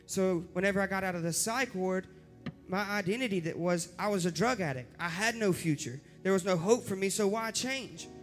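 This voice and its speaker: A young man preaching his personal testimony in an earnest manner that builds to impassioned shouting. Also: sits high, moderate pace. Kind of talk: testimony sermon. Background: faint instrumental music.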